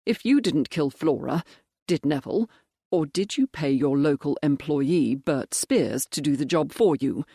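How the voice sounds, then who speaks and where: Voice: medium pitch, expressive, measured pace, vocal fry, warm tone, breathy edge, no echo, exaggerated voice. Narrator doing stern major sir, pushing hard with questions, dry close mic. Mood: grim. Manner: firm, pressing questions. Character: grim, determined male baronet and major.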